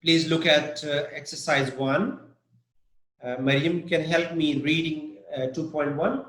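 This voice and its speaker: A male English teacher gives a live online vocabulary lesson, speaking at a slow, deliberate pace and often checking in with his class. His voice sits a little high for a man, and the recording has a noticeable room echo. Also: fairly even intonation, a bit bright. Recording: echoey room.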